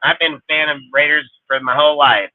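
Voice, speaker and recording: On a fan livestream, a man rants hotly and swears a lot, speaking fairly quickly in a steady, higher-pitched tone. The sound is dry and thin, phone-like.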